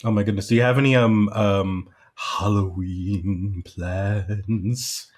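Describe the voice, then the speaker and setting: A man's voice: fairly low pitch, steady tone. A man co-hosting a casual podcast chat, reacting in an easygoing, laid-back way. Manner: unhurried, laid-back reactions and quiet laughs. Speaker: podcast co-host.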